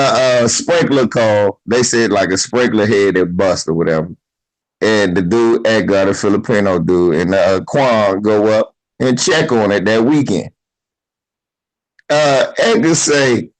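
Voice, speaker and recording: A man hosting a live stream, telling a rambling story in a casual, animated way with some swearing. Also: on the low side, slow pace, rough recording.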